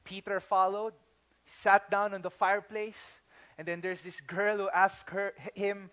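High-voiced Filipino pastor, animated sermon. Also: male voice, unhurried. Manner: animated storytelling, acting out quotes; mixes English with Tagalog phrases.

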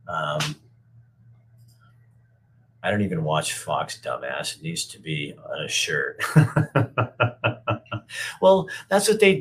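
A middle-aged man with a deep, low-pitched voice chats loosely on a livestream and reads out viewers' comments. He answers them bluntly and wanders from point to point, swearing freely and restarting his sentences. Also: a bit bright, slight background noise. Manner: rambling, blunt, with frequent profanity and restarts. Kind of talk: casual unscripted livestream talk.

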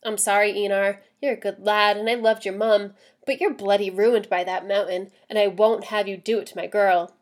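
A woman voicing an elderly village healer woman, calm by nature, with loud pleading outbursts. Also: medium pitch, normal speed, few pauses, close to an everyday voice. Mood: scolding.

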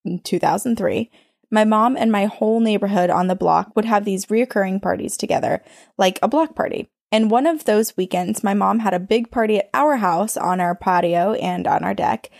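Woman co-host with a gravelly, dry voice. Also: medium pitch, normal speed, a little mellow, no room sound. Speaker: podcast co-host. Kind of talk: reading a listener's ghost story aloud.

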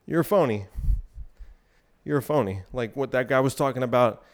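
Male podcast host, smooth resonant voice, slightly out of breath, rambling provocative monologue. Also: mid-range voice, moderate pace. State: out of breath while exercising.

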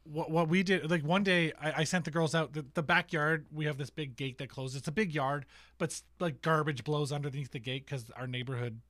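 A man in his thirties, a podcast co-host chatting casually about his kids, relaxed and wry, drifting into asides. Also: fairly high pitch, brisk, dry recording. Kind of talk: casual chat.

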